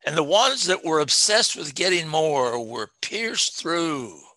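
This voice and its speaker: A man preaching a sermon, reading scripture with slow, emphatic stress and talking to his congregation. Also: a little high, animated, bright, forceful tone, no room sound.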